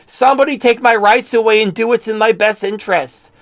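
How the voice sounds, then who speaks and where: A man putting on a mocking voice of a helpless woman begging like a child, high and drawn out. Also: lightly acted. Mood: mocking whine. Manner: mocking falsetto, drawn-out pleading.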